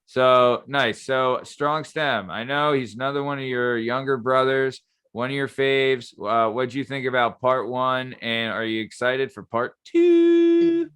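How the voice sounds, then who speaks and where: A man's voice: mid-range voice, animated, unhurried, hardly any pauses, fairly bright tone, clear, resonant tone. A man hosting a casual podcast, laid-back and chatty. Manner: laid-back, says "like" and "yeah" a lot. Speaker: podcast host.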